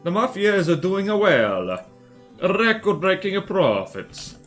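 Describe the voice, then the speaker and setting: A man's voice: high-pitched, big pitch swings, takes it slowly, fairly bright tone, faint music behind, pitched above the performer's own voice, heavily acted. A man putting on a jokey Italian accent as a boastful mafia boss, with broken grammar and many "uh" fillers. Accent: put-on Italian.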